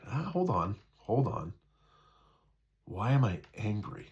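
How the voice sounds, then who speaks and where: A man's voice: medium pitch, big pitch swings, unhurried, darkish tone. A man in a casual spiritual talk, speaking conversationally, repeating himself, often asking "right?" and acting out the voices in people's heads. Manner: acts out quoted inner voices.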